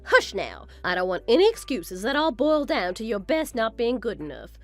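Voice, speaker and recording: A woman's voice: fairly high pitch, sing-song, a little fast, faint music behind. A woman playing a haughty, scornful mother-in-law. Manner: condescending, boastful, theatrical. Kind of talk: scripted story narration drama.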